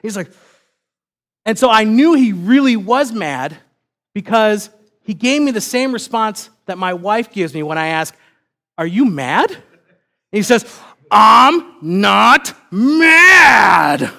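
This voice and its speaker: Young male preacher, high-pitched, easygoing storyteller with self-deprecating humor. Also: animated, a little slow, long pauses. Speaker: pastor. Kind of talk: sermon with personal story.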